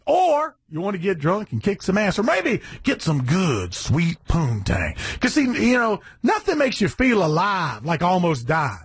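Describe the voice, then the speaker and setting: A man hosting a satellite radio show, ranting in a brash, profane monologue with sudden shouted bursts. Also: sits high, wildly swooping pitch, a little slow, few pauses, husky.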